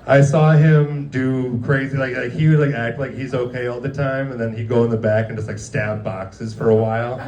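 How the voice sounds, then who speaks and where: A man's voice: medium pitch, steady tone, moderate pace, hardly any pauses, a little mellow, highs cut off. A man doing a stand-up comedy set, rambling through stories with lots of fillers and acted-out quotes. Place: guerrilla comedy show venue. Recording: echoey room from far off.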